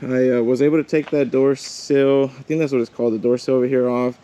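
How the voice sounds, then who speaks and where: A man's voice: medium pitch, level tone, fast, mellow. A man casually narrating a car vlog, chatting straight to his viewers, a bit out of breath from hot work outside. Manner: casual, chatty, addresses viewers as "you guys". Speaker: car vlogger. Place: outdoors on a driveway, hot day.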